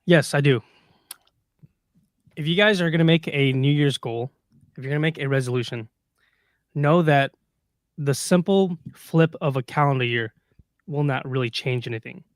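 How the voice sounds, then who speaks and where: A man co-hosting a casual livestream podcast reads through dates of upcoming sky events, laughing often along the way. His voice is a little high, at normal speed, with long pauses. The recording is dry and studio quality.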